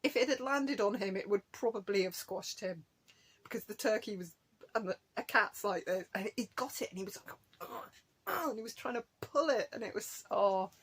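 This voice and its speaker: A woman talks to her camera at home in an easy, rambling way, drifting between stories and laughing as she goes. Her pitch sits in the middle. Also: a little fast, breathy edge. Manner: rambling, chatty, laughs often. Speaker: craft vlogger. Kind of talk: casual chat to camera.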